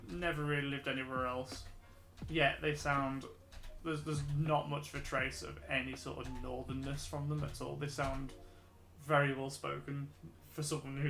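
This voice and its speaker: A man's voice: a little high, sharp tone. A British man with a mixed Midlands and Scouse accent, chatting loosely and laughing easily while drawing on a stream. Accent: mixed English, Midlands and Scouse. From Britain. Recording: roomy echo, faint music.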